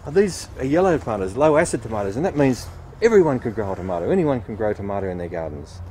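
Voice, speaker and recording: A man's voice: on the low side, very animated, fast, mellow, slight background noise. A nurseryman patiently explaining tomato growing outdoors at his nursery, playing the straight man. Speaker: nurseryman host. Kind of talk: casual gardening demonstration.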